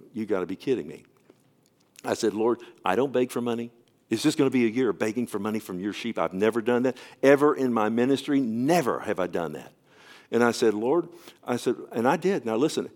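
Speaking in a mid-range voice, a male pastor delivers a sermon that includes a story. He frequently sinks into a soft, almost whispered tone and stammers as he restarts his sentences.

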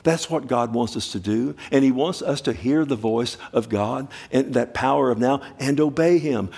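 A man preaching a sermon, animated, swinging from loud urgent bursts to quiet low asides. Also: vocal fry.

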